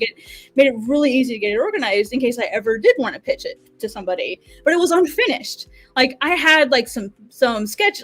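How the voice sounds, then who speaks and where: An American woman, a manga artist, telling a story in a casual interview, animated and full of "like"s, laughing often. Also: high-pitched. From United States.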